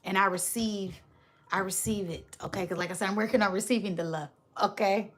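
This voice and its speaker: A woman's voice: mid-range voice, fairly even intonation, fairly quick. Woman, spiritual reader, affectionate and preachy, live-stream chat.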